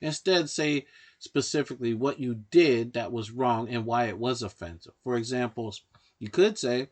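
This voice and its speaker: As narrator of a self-help guide, a man with a middle-pitched voice gives instructional narration, guiding the listener through practical steps one by one. He's calm and measured, advising directly with the even pacing of a voice-over.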